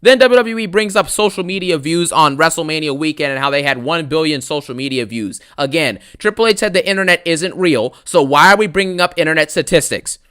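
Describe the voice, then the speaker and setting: A man in a sarcastic, fed-up wrestling rant with a bright, edgy tone. He talks a little above the usual male pitch, dismissive and quick to mock. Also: smooth. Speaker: wrestling video ranter. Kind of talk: angry wrestling recap rant.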